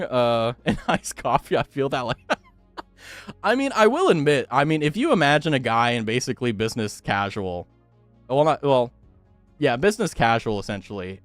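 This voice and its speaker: A man's voice: mid-range voice, dry recording. A male streamer chatting casually with viewers, swearing freely and laughing often.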